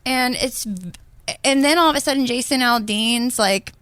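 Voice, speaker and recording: A woman's voice: high-pitched, normal speed, a bit bright, smooth, no room sound. A woman co-hosting a podcast, talking in a blunt, rambling way with lots of fillers. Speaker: podcast co-host. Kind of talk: casual opinionated chat.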